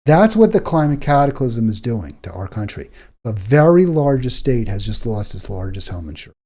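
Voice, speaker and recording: A man with a medium-pitched, dark, sing-song voice hosts a political talk show at a moderate pace. His monologue is indignant and exasperated, and he stumbles over repeated words when he gets worked up.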